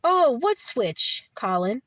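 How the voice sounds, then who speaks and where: A woman's voice: on the high side, very animated, slow pace, a bit bright, no room sound. Chatty Brooklyn woman with a New York accent. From Brooklyn, New York City. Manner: chatty, laughs often, rambling with many restarts. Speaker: livestream host reading chat. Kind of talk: casual chat.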